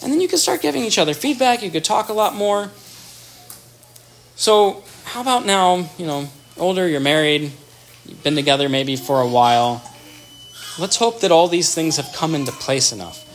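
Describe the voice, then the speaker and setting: A man giving an earnest, animated explanatory talk on attachment in relationships, acting out example dialogue as he goes. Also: a little high, moderate pace, slight background noise.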